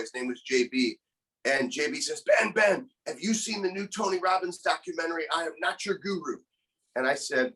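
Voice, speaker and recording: A man in his thirties, a motivational speaker and coach appearing as a guest, tells a personal story in a conversational, earnest and emotional way. His voice sits at a medium pitch with a slightly bright quality, and he often repeats words as he begins a thought. The audio quality is poor.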